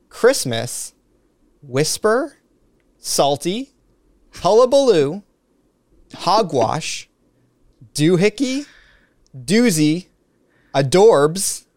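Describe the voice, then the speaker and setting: A man's voice: on the high side, big pitch swings, extremely slow, long pauses, no echo, studio quality. A man hosting a podcast, running a game with a playful announcer manner. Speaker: podcast host.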